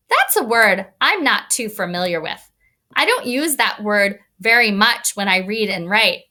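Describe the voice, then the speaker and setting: A woman's voice: mid-range voice, pushed and bright. A woman teacher giving a read-aloud lesson to young children, encouraging and thinking aloud as she explains.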